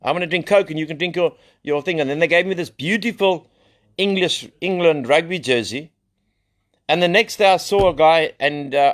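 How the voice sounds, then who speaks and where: A middle-aged South African man, founder of a recovery center, sharing his story in a loose, rambling way, blunt and full of slang and swearing. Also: fairly high pitch. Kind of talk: live recovery share, casual storytelling.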